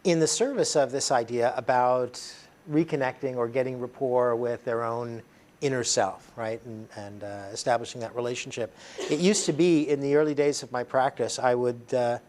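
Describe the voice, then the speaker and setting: A man's voice: mid-range voice, fairly even intonation, normal speed, darkish tone, slight background noise. Chatty male workshop trainer. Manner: conversational, chatty, frequent fillers. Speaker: NLP trainer. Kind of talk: workshop teaching. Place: training room with a group.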